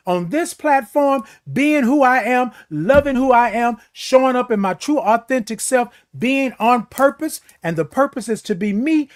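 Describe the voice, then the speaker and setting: Animated high-voiced man preaching uplift. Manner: preachy, repetitive, makes beeping sounds. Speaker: host. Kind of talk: motivational morning talk. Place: seated in a chair.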